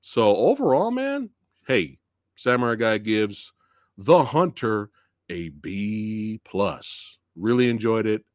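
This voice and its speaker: A man's voice: on the low side, very animated, slow pace, no echo, clean studio sound. A man hosting a live movie review stream, chatting loosely and laughing often as he talks. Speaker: movie review channel host.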